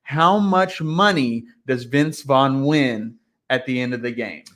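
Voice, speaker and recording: A man co-hosting a casual podcast, relaxed and playful, asking his own trivia questions. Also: mid-range voice, slow pace. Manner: relaxed, playful, quotes movie lines. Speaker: podcast co-host.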